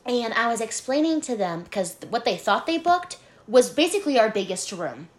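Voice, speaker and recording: This young woman speaks briskly in a fairly high voice, animatedly telling a work story on the casual podcast she co-hosts. A hotel front desk worker, she swears a lot and laughs while telling it.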